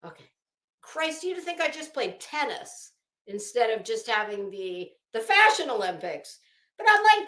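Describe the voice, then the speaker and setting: A woman's voice: very high-pitched, big pitch swings, unhurried, bright, forceful tone, echoey room. A woman hosting a fashion gossip commentary show at home, telling a rambling, profane, self-mocking story while hot and sweaty. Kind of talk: casual chatty commentary.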